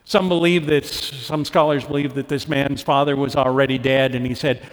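A man's voice: fairly even intonation, normal speed. Earnest preaching man in a reverberant hall. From Canada. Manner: earnest, rises in pitch for emphasis, drops soft when personal. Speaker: pastor. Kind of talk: sermon.

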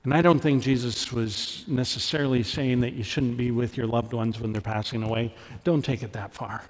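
A man's voice: fairly even intonation, moderate pace. Earnest preaching man in a reverberant hall. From Canada. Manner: earnest, rises in pitch for emphasis, drops soft when personal. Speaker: pastor. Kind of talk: sermon.

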